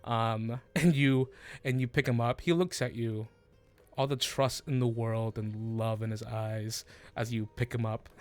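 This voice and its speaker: A man's voice: mid-range voice, steady tone, measured pace, soft background music. A man narrating a tabletop game as game master, rambling and laughing often.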